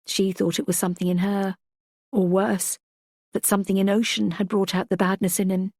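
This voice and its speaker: A woman's voice: mid-range voice, level tone, a little mellow, no room sound, clean studio sound. Woman narrating an audiobook. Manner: measured, reflective storytelling. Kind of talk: first-person audiobook narration.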